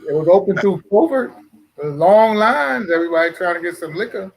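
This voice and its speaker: A male guest on a casual talk show. He speaks in short, measured remarks. His voice sits a little higher than most men's. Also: lively intonation, gravelly, low-quality recording. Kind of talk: casual chat.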